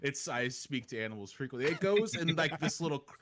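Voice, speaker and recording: A man in his thirties telling a story in casual podcast chat, animated and acting out the voices in it. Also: mid-range voice, fairly quick, crowd noise. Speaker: podcast guest.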